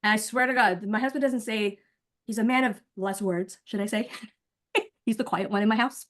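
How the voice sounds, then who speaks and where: A woman in her forties, a nurse coach, chatting in an animated way straight to her listeners on a video call before rehearsing a speech. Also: mid-range voice, moderate pace. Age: 40s. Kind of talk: casual chat, then rehearsing a speech.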